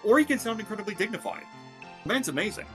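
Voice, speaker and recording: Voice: medium pitch, very animated, fast, music in the background. A co-host chatting casually on stream, talking with eager fan enthusiasm.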